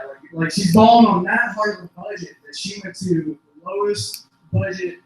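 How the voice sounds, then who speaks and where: At an open mic in a small comedy venue, a young stand-up comedian rambles through stories, sometimes bursting into shouts and laughing at his own jokes. His high, sharp voice was captured from far away in a very echoey space. There's slight background noise.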